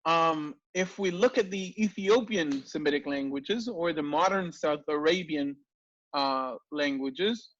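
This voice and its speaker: A man teaching an online language class, lively and full of rhetorical questions. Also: a little high, dry recording, dull audio. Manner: lively, asks rhetorical questions, frequent restarts. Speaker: language lecturer.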